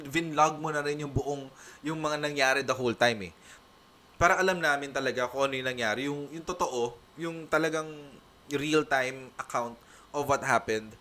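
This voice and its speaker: Filipino male reaction host, bright and slightly high voice, emphatic and repetitive. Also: slight background noise. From Philippines. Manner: emphatic, repetitive, mixing English and Tagalog. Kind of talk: heated reaction commentary.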